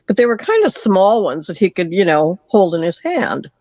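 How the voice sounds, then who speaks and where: A caller tells a long story over the phone, lively and animated, putting on the voices of the people in it. The voice sits at a mid pitch. The sound is dull and dry, like a phone line. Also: moderate pace, no echo. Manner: lively storyteller acting out quoted lines. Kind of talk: telling a story on a call-in show. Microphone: phone call.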